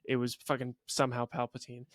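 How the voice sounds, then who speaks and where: A man co-hosting a podcast in casual chat, excitable and swearing freely. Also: mid-range voice, fairly quick. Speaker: podcast co-host.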